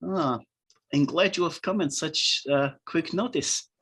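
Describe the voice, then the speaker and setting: A man's voice: a little high, measured pace, fairly bright tone, breathy edge, pitched above the performer's own voice. Man doing a gleeful female scientist, lifted voice, formal phrasing, smug and eager, tabletop game. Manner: smiling, pleased, formal phrasing.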